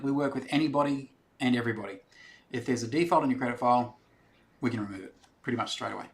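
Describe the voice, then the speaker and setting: Gravelly Australian man chatting live. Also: medium pitch, quick pace, a bit bright. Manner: chatty, rambling, reads out comments and answers them. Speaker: livestream host answering viewer questions. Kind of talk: casual live Q&A chat.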